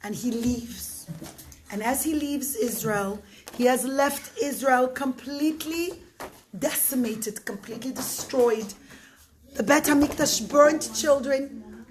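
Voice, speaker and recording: A woman narrates a story for children, her high voice full of expressive, dramatic pacing. The room around her gives a noticeable echo, and a faint hiss sits underneath. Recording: roomy echo, faint noise.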